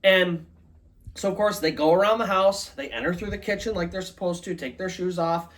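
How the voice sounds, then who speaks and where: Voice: medium pitch, fairly quick. A storyteller giving a live, loosely conversational retelling of a ghost story. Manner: loose conversational telling with many "like" and "kinda".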